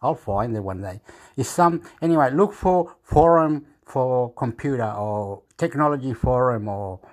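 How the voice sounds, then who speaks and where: Guy rambling into his phone at home, halting, keeps chuckling and losing his thread, middle pitch. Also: animated. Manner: meandering, keeps repeating "anyway", chuckles often; halting, searches for words. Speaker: vlogger. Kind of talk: rambling casual chat to camera.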